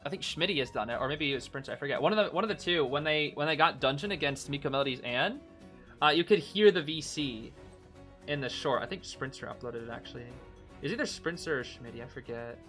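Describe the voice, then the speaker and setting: A man livestreams while casually co-commentating esports matches, chatting excitedly with viewers, laughing a lot and often saying "bro." His voice sits on the high side, he talks fast, and soft music plays in the background.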